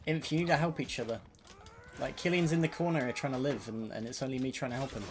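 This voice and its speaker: A man streaming a competitive match, shouting quick, repetitive orders to his team and swearing often. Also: medium pitch, slight background noise. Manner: urgent, repetitive callouts, swearing. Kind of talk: live gaming comms, giving orders.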